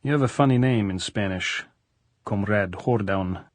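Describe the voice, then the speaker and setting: A man's voice: lowish voice, moderate pace, no echo, natural voice. A man voicing a blunt middle-aged general who teases dryly in stiff, formal broken English, in an audiobook. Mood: dryly teasing.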